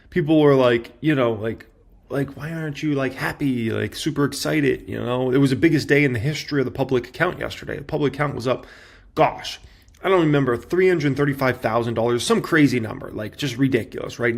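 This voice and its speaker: A man in his thirties with a gravelly, fry-edged voice, chatting casually to camera as a stock market commentator. He talks loosely and informally, scattering fillers and "right?" through his points. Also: mid-range voice, fairly quick. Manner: conversational, filler-heavy with tag questions.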